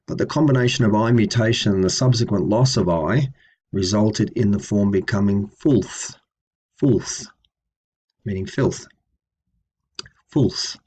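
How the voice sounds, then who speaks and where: Male teacher, low husky voice, methodical lecture delivery with frequent ums. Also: brisk, a little mellow. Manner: patient, methodical, with frequent ums and self-corrections. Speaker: language teacher. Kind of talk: explanatory lecture.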